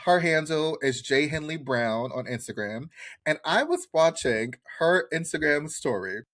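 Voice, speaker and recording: A man co-hosting a podcast, recapping a reality show in casual chat, animated and profane, often mimicking the people he talks about. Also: a little high, unhurried. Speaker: podcast co-host.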